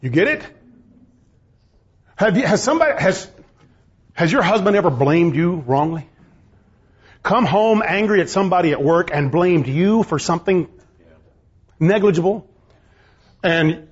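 A man's voice: high-pitched, lively intonation, a little slow, pauses often, breathy edge. A man preaching a sermon about marriage, reading King James scripture aloud and pressing his points with rising emphasis. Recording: dull, lo-fi sound.

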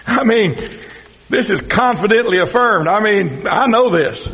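A man with a Texas accent preaching a sermon as pastor, folksy and swinging from loud to hushed. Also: high-pitched, very animated, unhurried. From South Texas. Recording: echoey hall reverb.

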